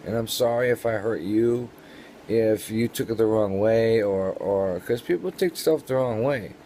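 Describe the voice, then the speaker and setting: A man talking in his bedroom to a close camera, apologizing in a rambling, halting way, sleepy and full of restarts. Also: lowish voice, dark tone, slight background noise. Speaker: vlogger. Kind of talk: personal apology video.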